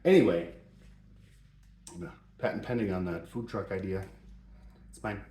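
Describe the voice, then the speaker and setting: A man's voice: deep voice, measured pace, warm tone. A middle-aged man hosting a joking advice talk, playful and mock-serious, in a home shop. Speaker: host. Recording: roomy echo.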